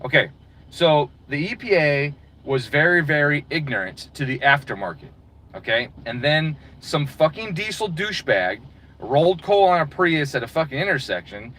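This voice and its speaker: A man's voice: on the high side, big pitch swings, moderate pace, pushed and bright, slight background noise, poor audio. A man delivering a heated, profane, exasperated rant as a channel host. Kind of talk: profane ranting monologue.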